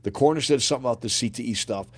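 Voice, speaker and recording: Rapid-fire and medium in pitch, a middle-aged American man shares a painful personal story as a podcast guest. He is a grieving father, and he speaks bluntly and casually, with lots of slang and swearing.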